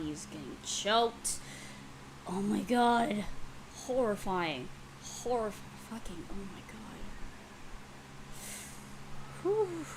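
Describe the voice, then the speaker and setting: Excitable swearing young woman, lively voice. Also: mid-range voice, a little hiss or hum, rough recording. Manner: excitable, swears a lot, gasps and exclaims. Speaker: YouTuber reacting to a comic dub. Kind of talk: casual reaction commentary.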